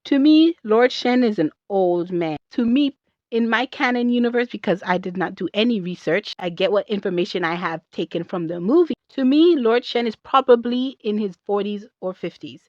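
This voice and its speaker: A sassy woman rants to her camera in a lively, chatty way and wanders off on tangents. The sound is dull and lo-fi, with a dry, close feel and no room echo. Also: mid-range voice, normal speed. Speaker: video creator and artist. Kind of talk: casual rant to camera.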